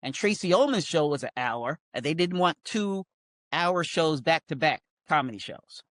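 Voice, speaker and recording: An older male comedian telling a lively, self-mocking story in casual chat. He acts out quoted voices and fills gaps with "blah, blah, blah". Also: on the high side, moderate pace, no echo, clean studio sound. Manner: wry, self-mocking humor. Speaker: comedian guest.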